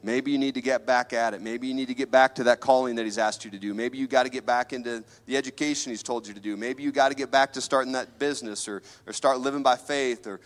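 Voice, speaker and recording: A man preaching a sermon as a pastor, fervent and repetitive, swinging between loud appeals and quiet, confiding stretches. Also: medium pitch, fairly even intonation, quick pace, few pauses, long reverb tail, faint music behind.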